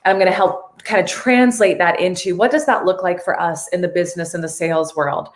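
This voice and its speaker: A woman's voice: lowish voice, steady tone, brisk, reverberant. A woman hosting a casual live stream, earnest and tearful, reading viewer comments aloud.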